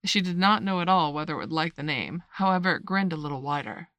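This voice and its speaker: A woman narrating a storybook in a measured, expressive read-aloud manner. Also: sits low, no echo. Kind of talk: storybook reading.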